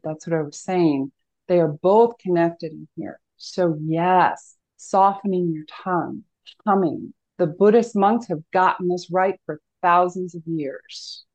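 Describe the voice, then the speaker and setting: A woman counselor explaining ideas as a podcast guest, earnest and teacherly, often asking rhetorical questions. Her voice sits somewhat low. The audio is dull and lo-fi, like a remote connection. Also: slow, darkish tone.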